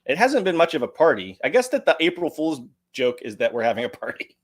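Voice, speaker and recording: American guy hosting a stream, chatty and jokey, pitch bouncing around a lot. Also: fast. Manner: lively, joking, chatty. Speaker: livestream host. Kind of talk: casual chat, reading donations.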